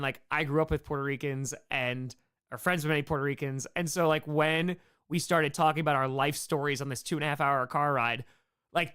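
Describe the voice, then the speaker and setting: Young new york dude answering chat live, talks a mile a minute, smooth clear voice, kinda high. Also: male voice. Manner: fast, animated, playful, reads chat aloud. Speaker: streamer answering viewer questions.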